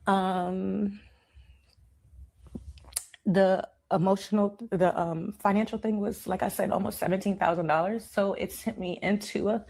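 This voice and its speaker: A woman's voice: mid-range voice, steady tone, unhurried, gravelly, a little mellow. A woman in a played clip recounting her situation, hesitant and emotional, with many ums. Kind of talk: personal account.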